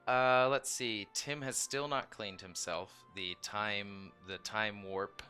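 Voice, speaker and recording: Low-voiced male dungeon master, bright tone, easygoing filler-heavy narration. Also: slow pace, smooth, faint music behind. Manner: relaxed storytelling with many fillers. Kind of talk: narrating a tabletop game.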